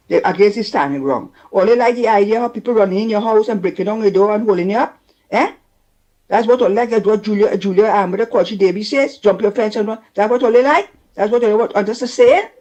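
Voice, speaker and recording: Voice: medium pitch, brisk, a little mellow. Indignant Trinidadian call-in voice. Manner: chatty, indignant, addresses host by name. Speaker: caller. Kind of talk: call-in talk. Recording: dull lo-fi call-in line.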